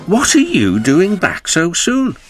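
A curious young shunting engine, as a man voices him, asks questions in a high, youthful cartoon voice. Music plays behind. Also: huge pitch swings, slow pace, full character voice. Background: background music.

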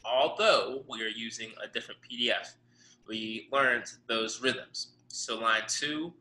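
A man's voice: mid-range voice, steady tone, a little slow, bright, forceful tone. A male music teacher giving a drum lesson, counting aloud and explaining stick strokes. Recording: echoey room.

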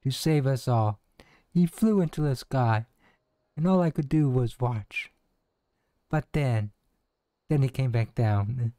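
A man's voice: mid-range voice, slow, pauses often, warm tone, no echo, close to an everyday voice. A man voicing an earnest, theatrical young woman detective's sidekick, reading game cutscene dialogue aloud with some stumbles.

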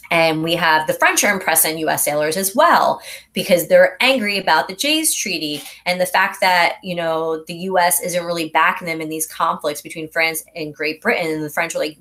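A woman teacher giving a relaxed exam review, talking through events like a story and now and then acting out short quotes. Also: low-pitched, moderate pace. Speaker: history teacher. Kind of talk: casual exam review lesson.

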